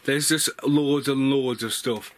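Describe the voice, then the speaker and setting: A man giving an excitable, sweary movie review at home in a room full of film collectibles, saying wow again and again. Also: medium pitch, slow pace, noisy background. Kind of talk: casual excited vlog review.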